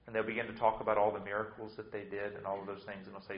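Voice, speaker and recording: A man preaching a sermon as pastor. He swings between loud and soft and often repeats words as he restarts a phrase. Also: on the low side, level tone, rapid-fire, few pauses. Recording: roomy, slightly dull sound.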